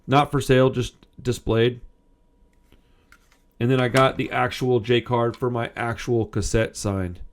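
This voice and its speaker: A man's voice: medium pitch, level tone, a little slow. A man in his thirties hosting a punk music channel, telling a personal story in a rambling, self-interrupting way and swearing casually.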